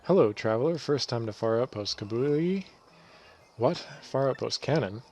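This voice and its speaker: Jittery male bob-omb villager, loud, broken English, blast sounds, video game voice, done by a man. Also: medium pitch, expressive, moderate pace, faint music behind, close to an everyday voice. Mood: jumpy.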